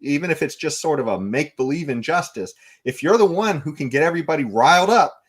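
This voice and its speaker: A man's voice: on the high side, animated, quick pace, breathy edge. A man co-hosting a political talk podcast, wry and conversational, restarting sentences with fillers. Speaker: podcast co-host.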